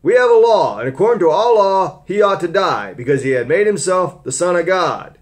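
A man voicing an angry mob that shouts for an execution, in a high, strained yell. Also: expressive, moderate pace. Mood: furious.

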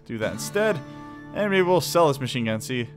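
Chatty let's-play host, man, mid pitch, jumpy exclamations, faint music underneath. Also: a little fast. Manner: excitable and chatty, laughs and exclaims. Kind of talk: casual gameplay commentary.

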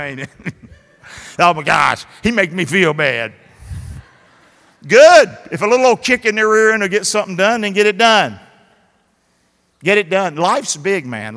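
A man delivers an animated sermon, calling on the congregation to answer him back. His voice sits high and bright and leaps up and down. Long reverb from a large church auditorium trails every phrase. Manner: animated, exhorting preaching with call-and-response. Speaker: pastor. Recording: live church hall reverb.

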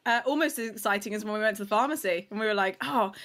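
Chatty woman, bright voice. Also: mid-range voice, racing. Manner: chatty, laughs often, acts out quotes. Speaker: expedition medic, podcast co-host. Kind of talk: casual conversational podcast.

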